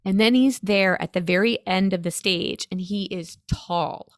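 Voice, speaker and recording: An American woman, a storyteller, recounting a personal experience in an earnest, animated, emotional way. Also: mid-range voice, measured pace, no echo, studio quality. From United States. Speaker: storyteller guest. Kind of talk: conversational storytelling.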